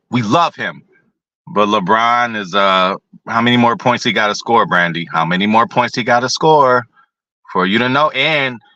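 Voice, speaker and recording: A man's voice: mid-range voice, pushed and bright, dry recording, highs cut off. A man hosting a casual sports talk show, rambling and profane, talking to his viewers by name. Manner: talks to chat viewers by name.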